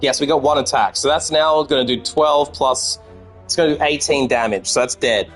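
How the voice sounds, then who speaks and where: A man's voice: medium pitch, moderate pace, fairly bright tone, soft background music. An Australian man streaming a card game, chatting with viewers and swearing freely as he plays. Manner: chatty and profane, talking to chat. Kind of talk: casual gameplay commentary.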